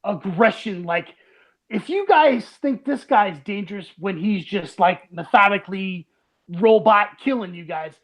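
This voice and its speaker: A man co-hosting a casual movie podcast, animated and quick to laugh as he acts out scenes. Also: sits high. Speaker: podcast co-host.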